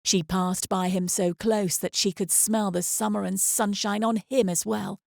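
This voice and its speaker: A woman narrating an audiobook in a measured, expressive storytelling manner, close to the mic. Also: medium pitch, vocal fry, dry recording.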